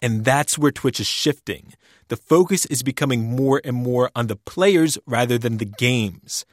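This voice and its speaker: Male radio reporter, measured scripted narration, dry studio sound. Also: mid-range voice, no room sound. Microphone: studio mic.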